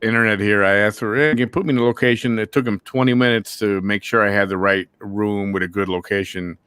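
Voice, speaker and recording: Easygoing male host, low voice, dry close sound. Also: fairly even intonation, fast talker, a bit bright, clear, resonant tone, no echo. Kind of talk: casual podcast chat.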